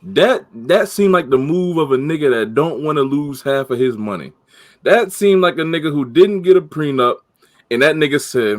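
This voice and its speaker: A man's voice: fairly high pitch, moderate pace, no echo, studio quality. A man co-hosting a casual podcast, thinking things through aloud and cutting in. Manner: reasoning aloud, animated, interjecting. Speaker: podcast co-host.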